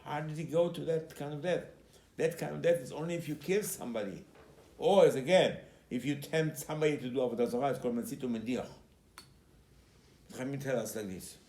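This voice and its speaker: Animated rabbi, warm voice, roomy sound. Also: male voice, mid-range voice, a little fast. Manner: animated storyteller who acts out quoted speech; emphatic, repeats key phrases. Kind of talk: Torah class. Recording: roomy recording with faint background noise.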